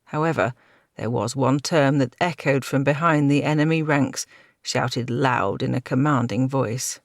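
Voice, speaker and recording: A woman narrating a fantasy audiobook with a steady, dramatic reading. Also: extremely low pitch, measured pace, dry recording, clean studio sound.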